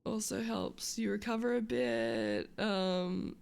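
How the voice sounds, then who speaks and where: A woman's voice: medium pitch, very animated, takes it slowly, gravelly, a little mellow, smooth. A woman chatting casually with her stream viewers, rambling, swearing and losing her train of thought.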